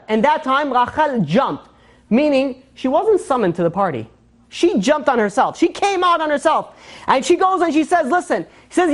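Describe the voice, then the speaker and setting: Woman, religious teacher, fast talker, lively storytelling, slightly high voice. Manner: animated storytelling, acting out quotes; fast, repetitive speech with fillers. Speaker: Torah teacher. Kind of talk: religious lesson.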